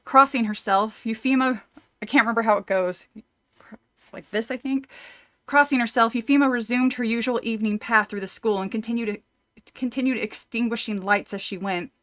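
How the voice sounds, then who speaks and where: A woman's voice: fairly high pitch, fairly even intonation, normal speed, fairly bright tone. A woman streamer reading a horror novel aloud, often breaking off to chat, laugh and swear casually. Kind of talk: casual read-through with chat.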